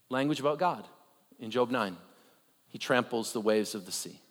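A man preaching a conversational sermon, animated, with joking asides and rhetorical questions. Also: mid-range voice, normal speed, pauses often. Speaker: pastor. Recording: long reverb of a large hall.

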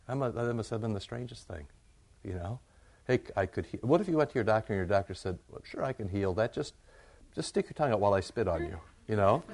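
A man's voice: fairly low pitch, darkish tone. A man pastor giving a conversational, emphatic sermon, with asides to his congregation.

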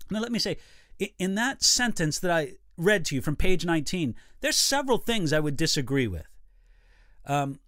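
Pastor, male, high and lively delivery, dry close sound, emphatic teaching cadence. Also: no room sound. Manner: measured, emphatic teaching with repeated phrases. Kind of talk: teaching a livestream Bible talk.

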